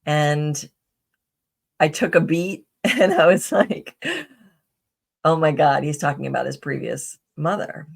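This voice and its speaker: A woman's voice: low-pitched, slow pace, vocal fry, long pauses, breathy edge. A middle-aged woman, a podcast guest, telling personal stories in a chatty way with many fillers, restarts and a tag "right?". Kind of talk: casual interview storytelling.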